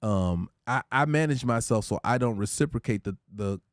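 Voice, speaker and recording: A man hosting a casual livestream, talking through relationship advice in an easygoing, preachy way and shouting out his chatters by name. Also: medium pitch, expressive, moderate pace, no echo, clean studio sound. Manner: reads out viewer comments and shouts out chatters; laid-back, conversational, preachy about relationships. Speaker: livestream host.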